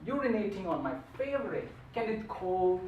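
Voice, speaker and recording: A man's voice: high voice, sing-song, a little fast, reverberant, far from the mic, muffled recording, slight background noise. A man giving a humorous storytelling speech at a contest, with a playful, theatrical delivery. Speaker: contest speaker.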